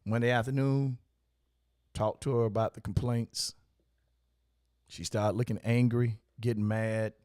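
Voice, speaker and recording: A man tells stories from his coffee shop and turns them into lessons, hammering points home with repeated phrases like a preacher. His pitch sits in the middle range. The recording is dry and close, with no room sound. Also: flat delivery, unhurried, pauses often, a little mellow, no echo. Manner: emphatic, repetitive, preacherly. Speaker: coffee shop owner and host. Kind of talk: motivational storytelling talk.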